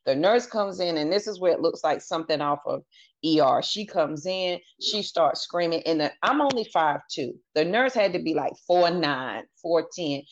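Podcast guest: woman with a lowish voice, candid and earnest, recounting her story on a dull lo-fi recording. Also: lively intonation, moderate pace. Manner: earnest, candid, retells dialogue in her own voice. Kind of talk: personal storytelling interview. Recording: dull lo-fi audio.

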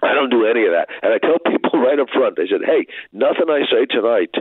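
A man in his sixties, a comedian guest, talking in a relaxed, self-deprecating way with small chuckles. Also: medium pitch, quick pace, slight background noise. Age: 60s. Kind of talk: casual interview chat. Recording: tinny phone-like line, dry.

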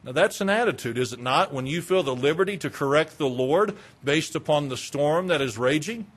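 Pastor guy preaching, fairly high voice, dramatic retelling, gets loud then drops real quiet. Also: lively intonation, fairly quick. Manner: dynamic preaching that swings between loud and hushed. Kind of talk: sermon.

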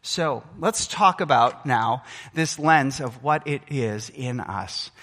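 A man's voice: medium pitch, animated, slow, fairly bright tone. A middle-aged man preaching a sermon as pastor, earnest and emphatic, his delivery rising and falling. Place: church sanctuary. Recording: long hall reverb.

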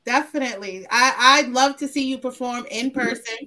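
A woman's voice: a little high, moderate pace, crowd noise. A woman co-hosting an interview show, chatting casually and hyping up her guest with enthusiasm. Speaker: podcast co-host.

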